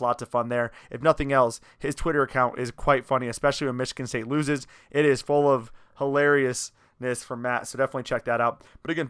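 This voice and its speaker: A man's voice: mid-range voice, smooth. A young man hosting a sports podcast, joking and chatting casually with a guest and reading the sign-off. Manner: energetic, self-mocking, joking banter. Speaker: podcast host.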